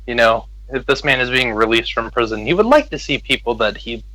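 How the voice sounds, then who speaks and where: A man's voice: mid-range voice, expressive, a little fast, pushed and bright, no echo, poor audio. A man playing a tabletop game, chatty and thinking aloud. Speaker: player. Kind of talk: casual tabletop game talk.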